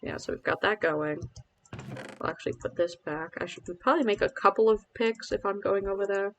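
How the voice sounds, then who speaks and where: A man's voice: sits high, a little fast, a bit bright, a little hiss or hum, poor audio. A man streaming a game live, chatting casually and rambling with self-mocking asides to his viewers.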